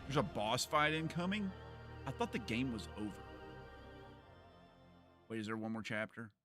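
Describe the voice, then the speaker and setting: A man's voice: medium pitch, lively intonation, normal speed. A man giving rambling, joking commentary while streaming a game. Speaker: gaming streamer. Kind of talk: casual playthrough commentary. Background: game music.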